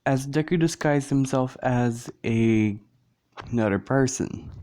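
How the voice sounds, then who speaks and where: Slow, rambling male storyteller. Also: mid-range voice, darkish tone. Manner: rambling, corrects himself mid-story. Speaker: fan fiction storyteller. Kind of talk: casual fan-story narration.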